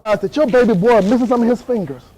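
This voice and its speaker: A man in his thirties from Georgia, giving a motivational speech and telling a story to an audience in an animated, playful way with repeated phrases. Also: very high voice, quick pace, low-quality recording. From Decatur, Georgia. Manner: animated, repetitive, playful, with sudden shifts to hushed. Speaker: motivational speaker.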